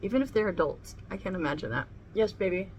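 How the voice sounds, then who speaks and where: A woman's voice: on the low side, lively intonation, fast, muffled recording, a little hiss or hum. A middle-aged woman chatting bluntly and casually while doing her makeup at home, swearing freely as she talks. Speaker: beauty vlogger. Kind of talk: casual get-ready-with-me chat. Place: home room near the kitchen.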